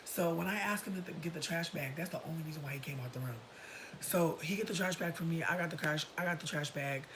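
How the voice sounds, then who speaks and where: A person in their thirties telling a story on a casual livestream, profane and animated, breaking into shouts and laughter. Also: mid-range voice, quick pace, background noise. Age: 30s. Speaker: livestream host.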